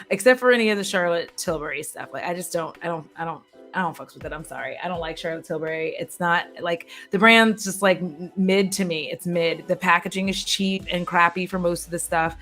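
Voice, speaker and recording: A woman beauty creator chatting casually and frankly to her viewers, swearing and laughing often. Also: mid-range voice. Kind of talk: casual livestream chat.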